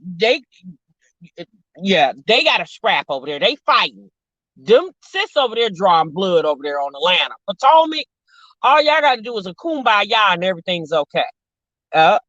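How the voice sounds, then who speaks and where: A woman's voice: medium pitch, fairly bright tone, dry recording. A woman hosting a casual chat stream, sassy and talkative. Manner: chatty, sassy, addresses viewers as sis and y'all. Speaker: show host reacting to reality TV. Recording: dull lo-fi dry sound.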